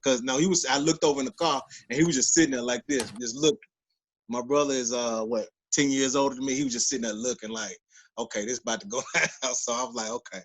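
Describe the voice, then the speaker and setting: Guy on a podcast telling a story, keeps jumping into loud impressions of people, medium-pitched voice. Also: quick pace, poor audio. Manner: animated retelling, acts out quoted voices loudly. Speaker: podcast co-host. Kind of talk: casual storytelling rant.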